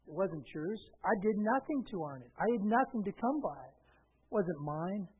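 A middle-aged man preaching a sermon as a pastor, swinging between hushed and loud and repeating his phrases. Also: high voice, sing-song, moderate pace, husky. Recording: phone-like radio broadcast.

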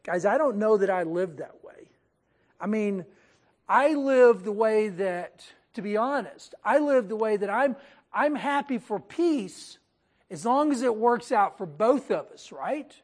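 Animated woman leading a Bible study. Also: medium pitch, measured pace. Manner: animated, talks straight to her group, acts out quotes. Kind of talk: conversational Bible teaching.

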